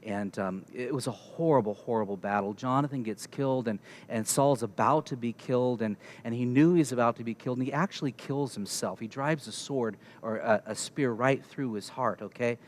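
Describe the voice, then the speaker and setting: A male pastor retelling a Bible story in an animated sermon, often checking in with the congregation. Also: mid-range voice, moderate pace, hardly any pauses.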